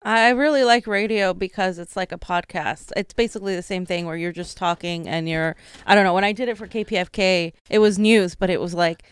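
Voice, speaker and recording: A woman's voice: on the low side, brisk, hardly any pauses, clear, resonant tone, dry recording, studio quality. A woman co-hosting, chatting casually with lots of filler and agreeing along. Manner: chatty, many likes, agreeable. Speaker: co-host. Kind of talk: casual chat.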